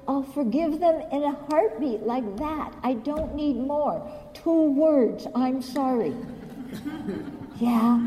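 A woman giving a Buddhist dharma talk, animated and self-mocking, often laughing at her own stories. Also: on the high side, big-room sound, a little hiss or hum, poor audio. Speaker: Buddhist teacher.

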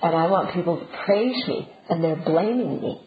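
A woman's voice: lowish voice, animated, normal speed. A woman giving a conversational Buddhist teaching talk, often checking in with her listeners. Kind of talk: dharma talk. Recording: roomy, dull and noisy.

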